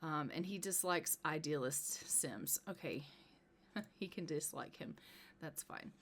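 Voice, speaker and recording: A woman casually commenting on her life-sim gameplay, chatty and full of "you know" fillers, in a fairly low voice. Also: slow pace, a bit bright, a little hiss or hum. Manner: chatty, many "you know" fillers, narrates what characters do. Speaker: gameplay streamer.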